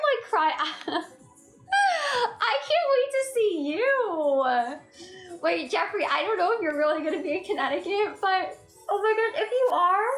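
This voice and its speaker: A woman livestreaming from home on her phone and chatting with viewers. She is giggly and excitable and rambles from comment to comment. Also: sits high. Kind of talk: casual live chat reading comments. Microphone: phone mic. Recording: echoey room with faint music.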